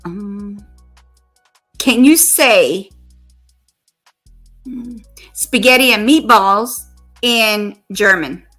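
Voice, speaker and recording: A woman live streamer chatting casually with an AI assistant, slowly spelling out words letter by letter. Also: mid-range voice, fairly bright tone, soft background music.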